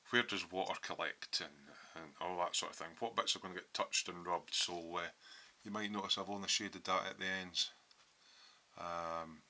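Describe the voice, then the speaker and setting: A man's voice: sits low, sharp tone. A man in a home hobby workshop, casually walking through his model build with lots of ums as he explains his thinking.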